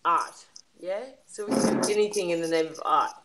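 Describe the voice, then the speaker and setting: A woman's voice: fairly low pitch, fairly quick, heavy background noise. A woman hosting a casual panel chat, talking in an emotional, indignant rant. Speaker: livestream panel host.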